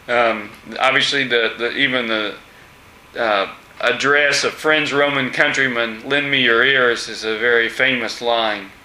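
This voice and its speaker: A man teaching a class, asking students questions with many pauses and fillers. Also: medium pitch, sharp tone, slight background noise. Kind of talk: classroom discussion lesson. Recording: echoey room.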